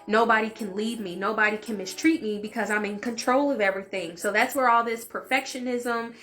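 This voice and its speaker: A woman's voice: on the high side, steady tone, brisk, a bit bright. A young adult woman vlogger telling a candid, emotional personal story in casual conversational talk, with fillers and asides. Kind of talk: storytime vlog.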